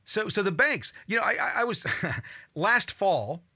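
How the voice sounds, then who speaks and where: Older guy hosting call-in radio, high bright voice, fired up, keeps repeating himself, swears a bit. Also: unhurried. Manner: animated, repeats words, swears when riled. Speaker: radio talk show host.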